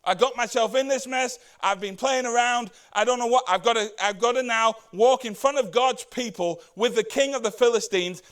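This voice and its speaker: A man whose voice is notably high and a bit bright gives a casual, conversational sermon as pastor. He puts rhetorical questions to the congregation and slips into quick voices for the Bible characters he quotes.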